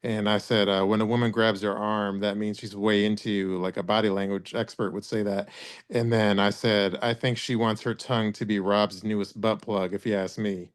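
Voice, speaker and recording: A man's voice: fairly low pitch, flat delivery, normal speed, clean tone. Man, podcast co-host, casual rambling chat with a crude sense of humor. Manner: rambling, restarts often, crude jokes.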